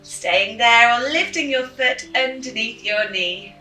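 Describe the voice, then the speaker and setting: A woman guides children through yoga poses while telling a story, her voice slightly high and very bright, unhurried and encouraging. The room is echoey, the mic sits back from her, and soft music plays underneath. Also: lively intonation, far from the mic. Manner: gentle, encouraging instructions. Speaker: kids yoga teacher.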